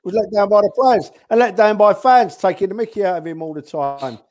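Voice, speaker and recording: A man's voice: sits high, a little fast, a little mellow. A man, a regular on a fan podcast, rambling and teasing his co-host with slang. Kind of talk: casual banter.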